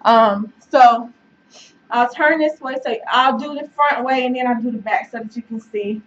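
A woman's voice: a little high, normal speed. A woman giving a casual, encouraging fitness vlog to camera, chatty and full of fillers, sometimes out of breath. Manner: chatty and encouraging, many fillers, says y'all and child. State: out of breath at times. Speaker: fitness vlogger. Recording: dull, faint noise, mic away from speaker.

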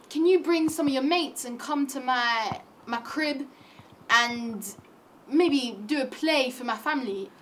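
A young woman tells a classic tragedy as a comic monologue full of street slang. Her voice sits high, and she keeps the story moving with animated, chatty asides. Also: a little hiss or hum. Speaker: comedic performer.

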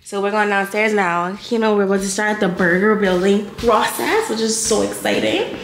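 A chatty, playful woman hosting her own home vlog and tossing out little exclamations. Her voice rings around a roomy, echoey kitchen, with steady noise in the background. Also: medium pitch, normal speed, hardly any pauses. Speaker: lifestyle vlogger. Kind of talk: casual vlog chat.

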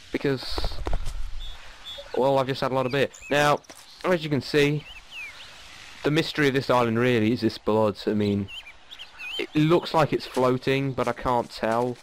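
A man gives relaxed let's play commentary at an ordinary mid pitch. His talk rambles and is full of fillers. Jungle game ambience and animal calls come through clearly behind him. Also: slight background noise. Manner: chatty, rambling with many fillers. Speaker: gaming channel host. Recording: game audio under the voice.

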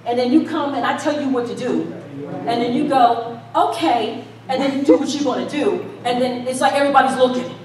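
A woman's voice: high voice, brisk, darkish tone. A woman preaching a casual, playful sermon, joking and laughing with the congregation. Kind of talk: conversational sermon. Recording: echoey church hall, mic at a distance.

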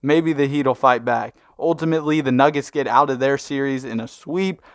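A young man casually commenting on a basketball video game, laid-back and chatty with sudden excited outbursts. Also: medium pitch, brisk, no echo, clean studio sound. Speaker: gaming YouTuber.

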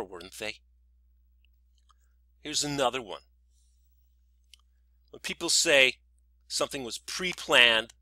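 A man vents in a sarcastic, indignant monologue, piling up rhetorical questions. His voice is strikingly bright and cutting. The sound is dry and close, with no room around it. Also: medium pitch, no echo. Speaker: vlogger. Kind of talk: scripted ranting monologue.

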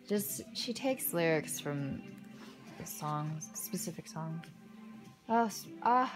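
A young woman casually commenting as she unboxes a photobook, gushing and excitable, with soft muttered asides between her exclamations. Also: on the low side, takes it slowly, faint music behind. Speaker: unboxing vlogger.

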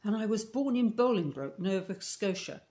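A woman's voice: medium pitch, lively intonation, moderate pace, mellow, lightly acted. A woman with a Scottish accent reading aloud as a talkative, romantic eleven-year-old orphan girl in a storybook. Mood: chatty. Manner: gushing, romantic, breathless run-on talk.

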